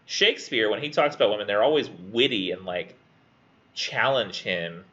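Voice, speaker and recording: A young man talks through a poem in class, sardonic and lively. His voice is bright and forward. The recording is a little dull and muffled. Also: fairly low pitch. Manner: animated, sardonic, reads verse slowly with exaggerated voices. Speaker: student presenter in a literature class. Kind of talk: casual classroom discussion.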